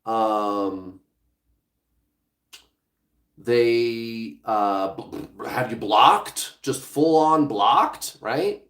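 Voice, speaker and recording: A man's voice: mid-range voice, extremely slow, pauses often, a bit bright, roomy sound. A man hosting a livestream as a relationship coach, speaking bluntly and casually, with some swearing, straight to his viewers.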